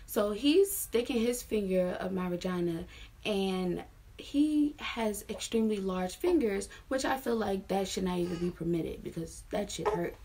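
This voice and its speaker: A woman's voice: medium pitch, lively intonation, a little slow, vocal fry, warm tone, breathy edge. A woman in her twenties from Maryland, telling a personal story casually and frankly, with lots of fillers. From Maryland, USA. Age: 20s. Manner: frank, chatty retelling with many fillers. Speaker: vlogger.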